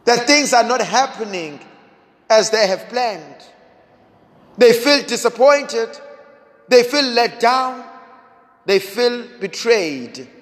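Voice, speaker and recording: A man preaching a sermon, slow and dramatic, building through repeated rhetorical questions. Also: extremely high pitch, lively intonation. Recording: long hall reverb.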